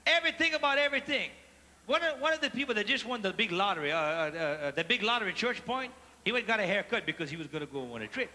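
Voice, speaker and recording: A man with a Cajun accent doing live stand-up storytelling on a theater stage, loud and animated as he acts out the people in his jokes. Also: sits high, quick pace. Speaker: stand-up comedian. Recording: long reverb of a live theater hall.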